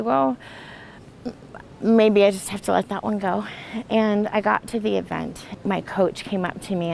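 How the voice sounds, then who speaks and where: A woman's voice: mid-range voice, vocal fry, a little mellow, slight background noise, poor audio. A woman sharing an emotional personal testimony, earnest and full of restarts and fillers. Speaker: retreat participant sharing a testimony.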